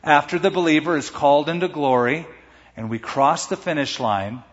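A man delivers a sermon from the pulpit, his fairly high voice pushing hard on key words and easing back between them. The sound is dull and muffled, with a long reverb trailing off around a big church hall. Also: moderate pace. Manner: emphatic preaching with dramatic swings in loudness. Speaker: pastor.

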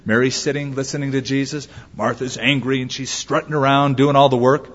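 A man's voice: mid-range voice, little pitch movement, fairly quick. A man preaching a sermon as a pastor, acting out quoted voices as he goes. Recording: lo-fi with long hall reverb.

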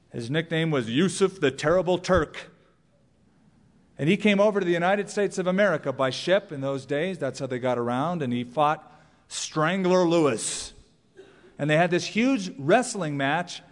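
A man preaching a sermon as a pastor, emphatic and rising to high cries on key words. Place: church sanctuary. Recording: long reverb of a large hall.

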